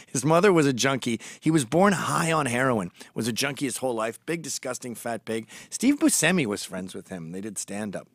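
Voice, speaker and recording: A man's voice: medium pitch, lively intonation, normal speed, no echo, clean studio sound. A man hosting a storytelling monologue, gossipy and blunt, turning urgent and emphatic when he warns. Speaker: host.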